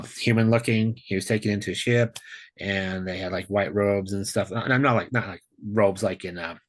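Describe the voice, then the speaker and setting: A man casually telling a long personal story on a video call, rambling with many restarts and getting animated when he quotes himself. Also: fairly low pitch, husky. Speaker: guest sharing a near-death experience.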